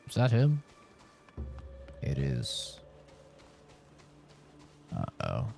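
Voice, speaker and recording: A man's voice: rumbling low, wildly swooping pitch, drawn-out words, creaky, darkish tone, soft background music. Chatty male game streamer. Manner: chatty, talks to viewers. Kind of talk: casual live-stream chat.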